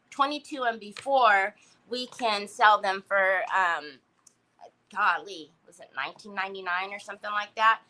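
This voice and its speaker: A woman's voice: a little high, bright, forceful tone, poor audio. A woman hosting a casual craft livestream, greeting viewers by name and laughing often. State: recovering from a headache.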